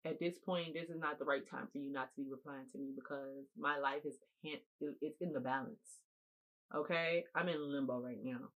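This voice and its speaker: A woman's voice: sits low, fairly even intonation, moderate pace, low-quality recording. Emphatic young woman telling a storytime. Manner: emphatic, repeats phrases for stress, talks straight to viewers; eating while talking. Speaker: storytime vlogger. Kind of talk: casual storytime chat.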